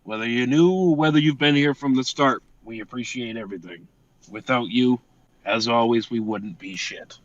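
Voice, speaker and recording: A man's voice: medium pitch, normal speed, no echo, dull audio. A man co-hosting a podcast in casual chat, swearing casually as he reads out a list of thanks. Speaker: podcast co-host.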